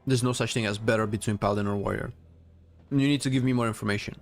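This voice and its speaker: A man's voice: fairly low pitch, steady tone, fast, soft background music. A man streaming a game, chatting casually with viewers and giving blunt opinions while thinking aloud with frequent restarts. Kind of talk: casual live-stream commentary answering chat.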